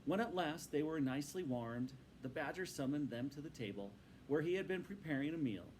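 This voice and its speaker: A man reading a storybook aloud to his students in a patient, instructive and expressive way. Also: fairly high pitch, a little fast, a little hiss or hum, low-quality recording.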